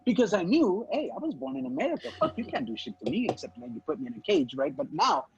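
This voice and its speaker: A man's voice: high-pitched, sing-song, fast, a little mellow, highs cut off. A man co-hosting a podcast, telling a story in casual chat, swearing freely and acting out his relatives' lines. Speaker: podcast co-host.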